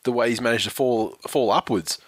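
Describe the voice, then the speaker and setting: A man's voice: mid-range voice, fairly quick, husky, no room sound. Male host, sardonic, swearing, in a dry booth. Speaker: podcast host. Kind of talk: casual sports banter, reading news.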